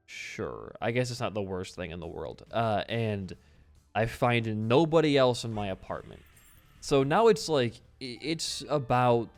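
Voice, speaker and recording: Chatty young man narrating over gameplay. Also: medium pitch. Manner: chatty, rambling, casual swearing. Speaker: gaming video host. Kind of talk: casual let's-play commentary mixed with storytelling.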